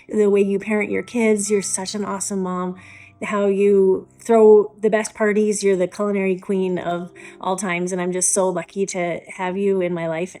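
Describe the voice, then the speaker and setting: A woman with a mellow, warm voice records a gushing, sincere birthday message for her best friend. She speaks plainly and with heartfelt praise. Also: mid-range voice. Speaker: friend giving a birthday tribute.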